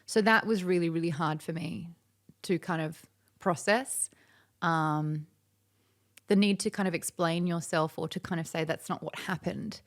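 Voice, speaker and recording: A woman guest in an interview, chatting casually and telling stories with animated, acted-out quotes. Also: on the low side, measured pace. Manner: animated storyteller who acts out quoted dialogue.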